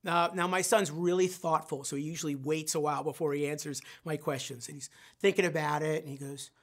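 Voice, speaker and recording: A man's voice: fairly high pitch, steady tone, a little fast, a bit bright. A middle-aged man, a sales trainer, telling a self-mocking story in a live online training session and putting questions straight to his audience.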